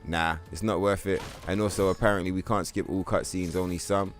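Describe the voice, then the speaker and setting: A man streaming a video game, chatting casually with his viewers in a profane, animated rant. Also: deep voice, brisk, soft background music. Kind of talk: casual live-stream chat.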